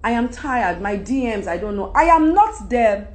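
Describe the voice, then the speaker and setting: A woman's voice: fairly high pitch, normal speed. A Nigerian woman in her forties talking straight to camera in a casual, emphatic monologue, jumping from point to point. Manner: animated, emphatic, jumps between topics. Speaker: actress giving advice.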